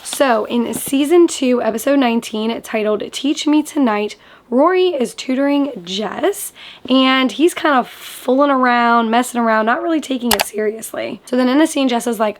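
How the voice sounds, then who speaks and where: A woman's voice: a little high, normal speed. A young woman reviewing books in a casual vlog, enthusiastic and chatty, with lots of "like". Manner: enthusiastic, chatty, many "like" fillers. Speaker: book vlogger.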